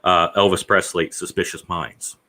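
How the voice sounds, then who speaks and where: A man chatting as a podcast guest, blunt and crude, swearing a lot with dark humor. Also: low voice, fairly even intonation, moderate pace, low-quality recording. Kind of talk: casual chat.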